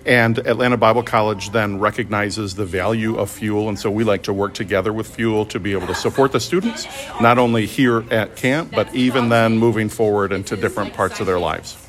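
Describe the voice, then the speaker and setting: An academic dean answers an interview question in a matter-of-fact way. His voice is somewhat low. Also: fairly quick.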